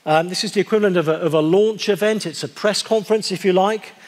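A man preaching a sermon in a conversational, wry way, slowing down to stress key words. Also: high-pitched. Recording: long hall reverb.

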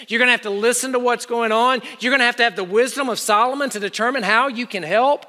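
A man preaching a sermon with urgent exhortation, swinging between loud pushes and quiet asides. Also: extremely high pitch, fast talker. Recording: long hall reverb.

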